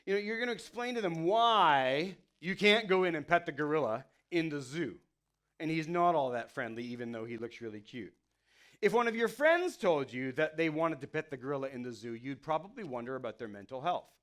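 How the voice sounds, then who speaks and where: Chatty man preaching, fairly high voice. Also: lively intonation, brisk, fairly bright tone. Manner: conversational, lots of "you know" and "like"; playfully acts out the people he quotes. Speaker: pastor. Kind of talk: casual sermon.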